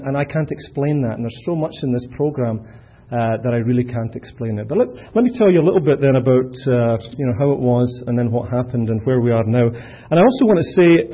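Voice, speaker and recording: Husky Scottish man telling his story. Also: medium pitch. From Scotland. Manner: chatty, self-deprecating, many fillers. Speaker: speaker at a recovery meeting. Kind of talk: personal testimony. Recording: dull lo-fi recording.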